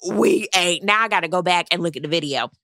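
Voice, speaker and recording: A woman's voice: on the low side, very fast, no room sound, studio quality. Sassy woman recapping reality TV gossip. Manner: sassy, gossipy, animated, laughing asides. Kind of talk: casual recap commentary.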